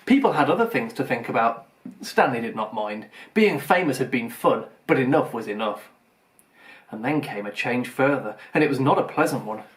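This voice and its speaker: A man's voice: medium pitch, expressive, moderate pace. Man reading a children's audiobook. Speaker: audiobook reader.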